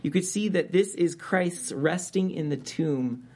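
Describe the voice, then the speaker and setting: A man's voice: high voice, measured pace, darkish tone. A man preaching a sermon as a pastor, reading scripture aloud and rising in emphasis on key words.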